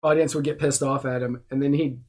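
A man's voice: mid-range voice, steady tone, fairly quick, a little mellow. A man chatting casually on a podcast, bantering and joking with some swearing. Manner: casual, laughing, profane banter.

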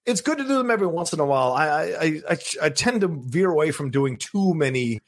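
A man's voice: fairly high pitch, lively intonation, quick pace. A man co-hosting a podcast about films, talking casually and rambling, with many restarts and fillers. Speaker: podcast co-host. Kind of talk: casual chat.

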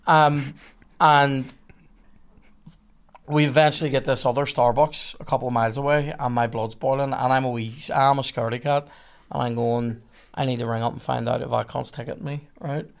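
A man's voice: medium pitch, normal speed, gravelly. A young man, a podcast guest telling a swear-heavy story and acting out the other people in it. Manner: animated, swearing, acts out others' lines. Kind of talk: casual storytelling.

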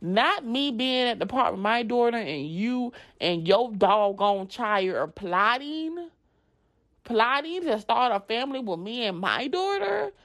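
A woman telling a story casually, animated and profane, dropping into dramatic whispers. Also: fairly high pitch, unhurried.

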